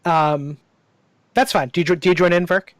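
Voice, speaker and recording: A man narrating as game master in a tabletop game, descriptive and unhurried, with many fillers. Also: sits high, steady tone, no room sound.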